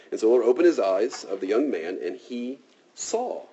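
A man's voice: mid-range voice, expressive, normal speed, dark tone, husky. A man preaching a conversational sermon, casual and talky, often checking in with "right?", in a dull lo-fi recording.

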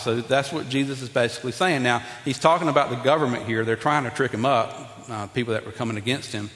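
Pastor preaching in a big hall. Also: male voice, mid-range voice, fast talker. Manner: animated, talks to congregation, acts out Bible figures. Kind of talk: sermon. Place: church sanctuary. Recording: long reverb in a large hall.

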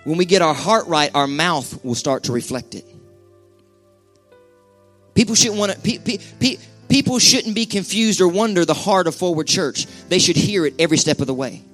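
A man's voice: high-pitched, lively intonation, moderate pace, fairly bright tone, soft background music. A male pastor preaching a sermon to his church in a folksy, conversational way with colloquial asides.

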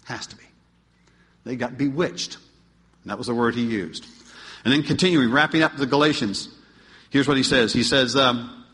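A man preaching a sermon to his congregation, asking them questions and swinging between emphatic, pleading peaks and quiet asides. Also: mid-range voice, normal speed, pauses often. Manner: asks the congregation rhetorical questions. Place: church. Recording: long hall reverb.

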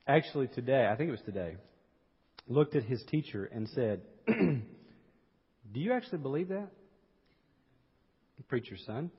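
Husky-voiced preacher in a reverberant hall. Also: male voice, medium pitch. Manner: earnest preaching with rhetorical questions and asides. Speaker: pastor. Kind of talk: sermon. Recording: dull recording with long hall reverb.

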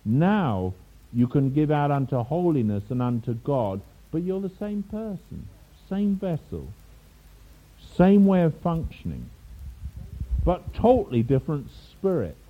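A man's voice: a little high, a little slow. An older man from England preaching a sermon, telling a story with asides and chuckles along the way. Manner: storytelling with asides and laughs, animated. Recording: tinny phone-like sound.

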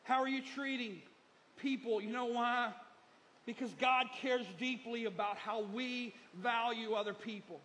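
A man's voice: very high voice, steady tone, a little slow, pushed and bright. A middle-aged male pastor preaching a sermon, emphatic and repetitive, moving between lessons and personal stories.

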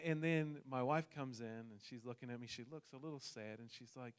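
A man's voice: medium pitch, steady tone, a little fast, few pauses, smooth. A man from New Zealand with a New Zealand accent, telling a personal story in a sermon with jokes for the congregation. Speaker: pastor.

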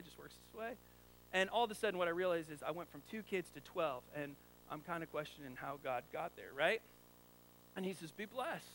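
Man, pastor, high voice, casual joking sermon with rhetorical questions. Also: a bit bright, a little hiss or hum, poor audio. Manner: conversational, jokey preaching with rhetorical questions.

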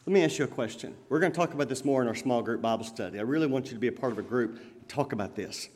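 A man preaching a sermon as pastor, swinging between loud emphatic lines and quiet lowered ones. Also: very fast, in a large hall.

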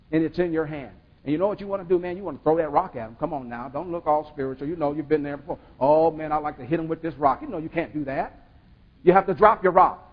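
Husky guy preaching, call and response, dull muffled sound. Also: on the high side. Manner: call-and-response preaching, rising to emphatic bursts. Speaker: pastor. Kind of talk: sermon. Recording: dull sound with long hall reverb.

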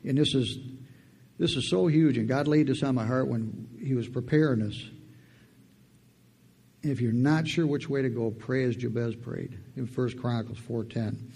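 A man preaches a personal testimony in church, his voice gravelly with fry. He talks plainly through the story and then winds up into energetic exhortation. The tone is dark and a little husky. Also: medium pitch, normal speed. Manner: animated, builds to fired-up preaching. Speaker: lay preacher. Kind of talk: testimony sermon.

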